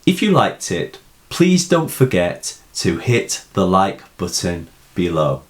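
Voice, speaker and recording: British guy reading a poem analysis slow and deliberate, lowish voice, lots of up and down. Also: big pitch swings. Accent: British English. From England. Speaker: poetry teacher.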